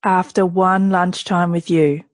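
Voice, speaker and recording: A woman hosting an interview, encouraging and quick to react to her guest. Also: fairly low pitch, flat delivery, no room sound. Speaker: host.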